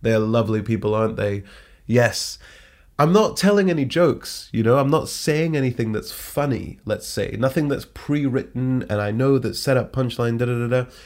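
A man, a stand-up comedian, recounting a story in a loose, conversational way. He switches into higher, sillier voices whenever he quotes himself or others, which keeps the telling animated. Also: moderate pace. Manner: animated, jumps pitch to act out quoted lines. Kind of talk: casual anecdotal storytelling.

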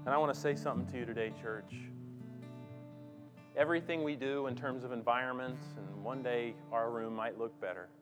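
A man preaching a sermon as pastor, swinging from loud declarations to hushed asides and calling on the congregation to respond. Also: medium pitch, a little fast, over music. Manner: addresses congregation directly, calls for responses. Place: church sanctuary.

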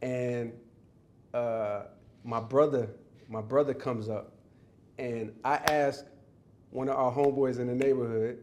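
A man in an interview, telling a childhood story in an animated way and often restarting his sentences. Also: medium pitch, unhurried, pauses often, slight background noise. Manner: animated, acts out quoted voices, restarts often. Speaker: interview guest.

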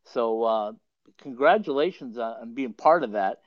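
With lively intonation and a moderate pace, this man's mid-range voice carries a casual storytelling chat on his podcast, full of meandering and mid-sentence chuckles. The dull, lo-fi sound is dry, with no room sound.

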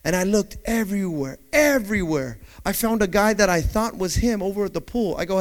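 Lively high-voiced male preacher. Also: fairly quick, hardly any pauses. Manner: storytelling that builds to shouted preaching. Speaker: pastor. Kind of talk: sermon with personal story. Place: church.

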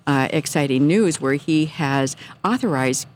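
Middle-aged woman guest, lower voice, sincere and animated storyteller. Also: unhurried, a little hiss or hum. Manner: earnest, animated storytelling with quoted thoughts. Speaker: guest telling her story. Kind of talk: casual faith testimony.

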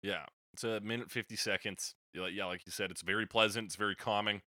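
Low-voiced young man, bright and easygoing. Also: no echo, studio quality. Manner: relaxed, agreeable, quick quips. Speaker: podcast co-host. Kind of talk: casual chat reviewing music.

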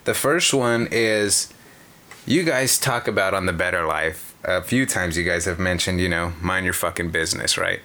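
A man's voice: sits low, normal speed, sharp tone. A man telling casino stories in a casual, rambling way, swearing often and filling gaps with "you know". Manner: profane, rambling, many fillers. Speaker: caller sharing casino stories. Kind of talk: casual storytelling.

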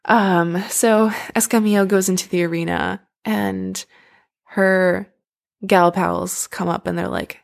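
A woman's voice: medium pitch, fairly even intonation, slow, vocal fry. A young woman casually retelling a story in a loose chat, filling her sentences with "like" and "um". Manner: loose, filler-heavy retelling with lots of "like". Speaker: storyteller retelling an opera plot.

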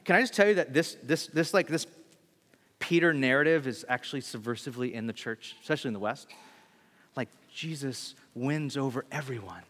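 A man preaching a sermon in a casual, animated way, full of slang and fillers. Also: medium pitch, fairly quick. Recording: long hall reverb.

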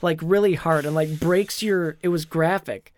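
A man co-hosting a podcast, telling a long dream in a rambling, animated way with lots of fillers. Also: a little high, moderate pace, no room sound. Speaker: podcast co-host. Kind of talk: casual chat, retelling a dream.

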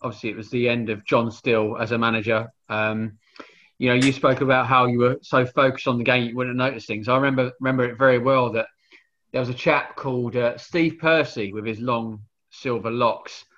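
A man's voice: medium pitch, steady tone, brisk, sharp tone, muffled recording. A man hosting a casual chat, reminiscing in a conversational way. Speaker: podcast host.

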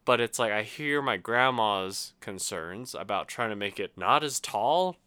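Smooth-voiced man venting casually. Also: lowish voice, expressive, unhurried, pushed and bright, no echo. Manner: rambling, self-mocking venting with laughs. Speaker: host. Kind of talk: casual solo monologue.

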